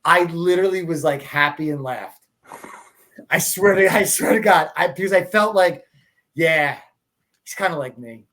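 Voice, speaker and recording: A man's voice: fairly high pitch, normal speed, long pauses, fairly bright tone. A man hosting a podcast in a slightly raised voice. He tells stories casually and rambles, breaking off and restarting his sentences and laughing along the way. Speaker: podcast host. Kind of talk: casual conversational storytelling.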